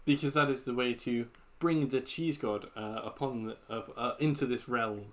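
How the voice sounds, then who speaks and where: A man's voice: medium pitch, normal speed, a bit bright, close to an everyday voice. A man voicing a haughty, dismissive female angel who leads a cult, in a tabletop role-play game. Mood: lofty.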